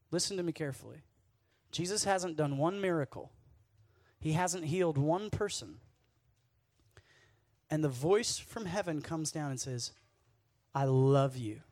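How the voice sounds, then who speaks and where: Young male youth speaker, high-ish and dry, sweaty and worked up, chatty sermon full of asides. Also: no echo. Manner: energetic, jokey storytelling with asides to the audience.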